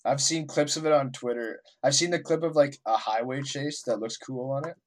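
A man co-hosts a casual movie podcast, speaking at a middle pitch. His replies are quick, loose and slangy. He throws in short, blunt opinions as the chat moves along. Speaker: podcast co-host.

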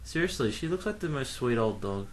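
A man trading jokes over a movie in a loose commentary chat. His pitch swings up and down a lot as he riffs, swears and drops into silly put-on voices. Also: sing-song, a little fast. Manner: jokey, swears, slips into mock voices.

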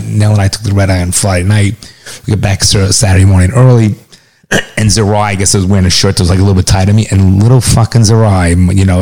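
A middle-aged man co-hosting a casual chat, telling stories in a profane, animated way. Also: low voice.

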